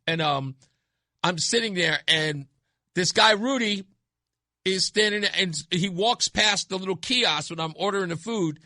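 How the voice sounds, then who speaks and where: A man's voice: high-pitched, unhurried, bright, forceful tone, no room sound. A man hosting a talk radio show, speaking bluntly and emphatically into a studio microphone, repeating his points for effect. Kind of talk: opinionated talk radio monologue.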